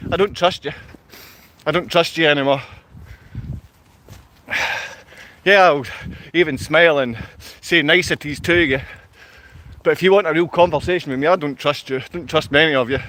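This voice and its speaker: A man's voice: a little high, a bit bright. A man ranting angrily on a livestream, berating and confronting his viewers in blunt, repetitive bursts. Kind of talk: angry livestream rant.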